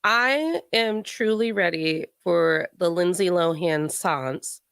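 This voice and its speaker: A woman co-hosting a podcast in casual chat, giggly and rambling with animated energy. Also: lowish voice, takes it slowly, creaky, clean tone, no room sound, studio quality. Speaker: podcast co-host.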